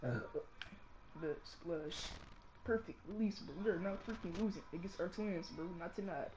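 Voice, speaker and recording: A male gaming channel host giving casual gameplay commentary and ranting, saying "bro" and "y'all" constantly and swinging from mumbles to shouts. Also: high-pitched, moderate pace, noisy background. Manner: slangy, fills nearly every phrase with "bro" and "y'all".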